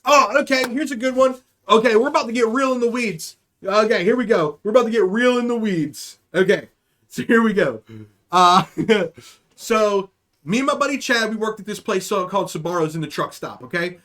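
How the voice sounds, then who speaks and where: A young man hosting a livestream tells a rambling, profane story in casual chat, often checking in with "okay?". His voice is high and a bit bright, at normal speed.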